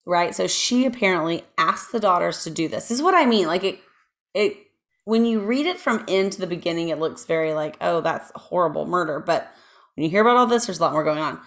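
A woman's voice: fairly low pitch, expressive, fairly quick, a bit bright. A woman co-hosting a podcast, casually telling a true crime story with lots of asides. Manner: chatty, lots of ums and asides, reads from notes. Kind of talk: casual chat.

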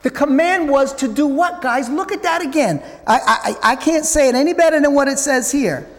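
Animated preacher man in a reverberant hall. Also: very high-pitched, normal speed. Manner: animated, swings between loud and hushed; conversational, addresses listeners as guys. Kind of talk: sermon, Bible teaching.

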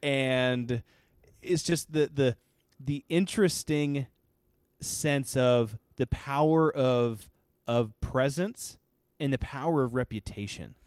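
Slow and medium-pitched with a slightly mellow tone, a man co-hosts a podcast, chatting casually and rambling with plenty of fillers and restarts. The sound is clean studio audio with no room sound.

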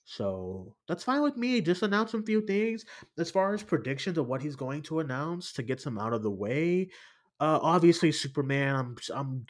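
A man co-hosting a podcast in casual pop-culture chat, animated and swearing, often laughing as he retells scenes. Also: medium pitch. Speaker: podcast co-host.

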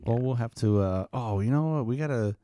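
A man co-hosting a podcast in casual chat, laid-back and swearing a lot, giggling and slipping into silly high voices. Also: fairly quick, mellow, no room sound, studio quality. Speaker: podcast co-host.

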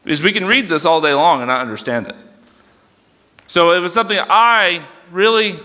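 A man's voice: sits high, moderate pace, pushed and bright, big-room sound. A young man preaching a sermon as youth pastor, casual and conversational, with fillers and self-corrections. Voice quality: dyslexic, struggles reading aloud.

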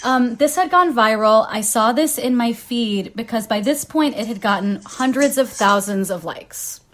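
A woman's voice: on the high side, expressive, normal speed. A woman in her late thirties hosting a podcast, telling a story candidly with frequent laughs. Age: 30s. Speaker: podcast host. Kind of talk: casual podcast chat.

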